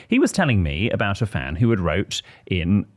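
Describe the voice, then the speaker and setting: A man's voice: low voice, huge pitch swings, normal speed. An English man co-hosting a podcast, reading listener letters aloud with wry, theatrical emphasis. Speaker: podcast co-host.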